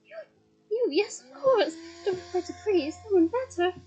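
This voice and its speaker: A woman's voice: very high voice, expressive, normal speed, a little mellow, muffled recording, pitched above the performer's own voice. A woman voicing a middle-aged male wizard and new father who exclaims, breathless with happiness. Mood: cheerful.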